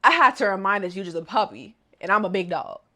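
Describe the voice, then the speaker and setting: A woman putting on a cocky, domineering dad who belittles his son with slangy, condescending jabs and a lowered, scoffing voice. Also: expressive, fast, bright, forceful tone. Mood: mocking. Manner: taunting, condescending. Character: arrogant powerful father mocking his son.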